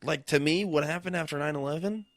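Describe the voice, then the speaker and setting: A man's voice: fairly high pitch, fast talker, no echo. A young man co-hosting a casual podcast, talking loosely with lots of swearing and frequent laughter. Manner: loose, profane, laughs often. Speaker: podcast co-host.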